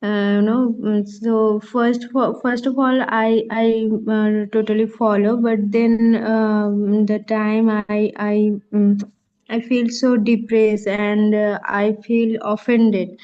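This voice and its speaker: A woman asking a question, hesitant and halting with many fillers. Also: medium pitch, flat delivery, highs cut off.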